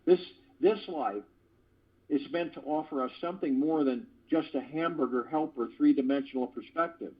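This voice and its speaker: A man with a slightly husky, breathy voice reads an earnest spiritual talk to callers and throws in playful asides. The sound is dull and lo-fi, like it was recorded over a conference phone line. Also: a little high, normal speed. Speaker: host of a spiritual call. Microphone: phone conference call.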